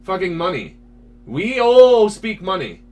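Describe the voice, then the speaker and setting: A man's voice: high voice, very animated, unhurried, a little mellow. A man hosting a casual talk show, ranting with swearing and rhetorical questions. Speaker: podcast host. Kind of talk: casual political chat.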